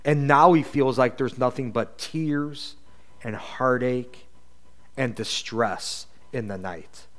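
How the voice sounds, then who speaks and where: A man's voice: medium pitch, slow pace, a bit bright. A man teaching from scripture in a sermon, reading verses aloud and asking reflective, rhetorical questions. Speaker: Bible teacher.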